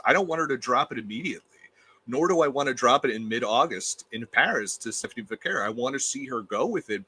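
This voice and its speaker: A man's voice: mid-range voice, bright, forceful tone, husky. A man appearing as a guest reviewer, talking in an emphatic, opinionated way and often repeating himself. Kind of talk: casual opinionated chat.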